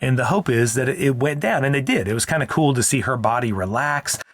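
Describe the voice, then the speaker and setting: A man's voice: mid-range voice, expressive, a little fast, no room sound. A man co-hosting a parenting podcast as a counselor, explaining earnestly in casual chat and often restarting his sentences.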